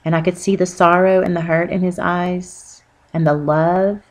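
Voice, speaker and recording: A woman telling an earnest, rambling personal religious testimony with many pauses and fillers. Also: lowish voice, level tone. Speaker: Christian testimony speaker.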